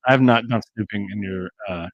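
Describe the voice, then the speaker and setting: A man's voice: on the low side, brisk, no room sound, lo-fi sound. A middle-aged man co-hosting a casual live-streamed travel tips show, rambling with restarts and jokes. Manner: rambling, stumbles and restarts, joking.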